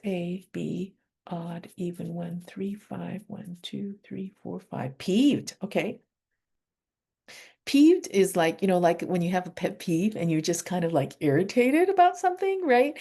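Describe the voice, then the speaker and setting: A woman leading a guided energy healing session over a video call, speaking slow affirmations softly and asking questions aloud as she works through a chart. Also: on the low side. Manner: calm, slow affirmations with soft whispered repeats; asks herself questions aloud while dowsing a chart.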